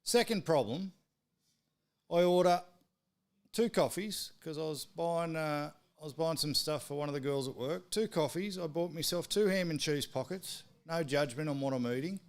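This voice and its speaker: A man's voice: fairly high pitch, moderate pace. Swearing Australian man ranting on a stream. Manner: swearing, exasperated storytelling. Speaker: live stream host. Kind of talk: casual ranting chat.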